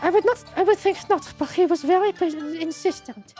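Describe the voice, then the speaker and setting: A woman's voice: very high-pitched, a little fast, mellow, faint music behind, voice pushed up. A woman voicing a genteel, formal woman museum curator who speaks politely and a little apologetically.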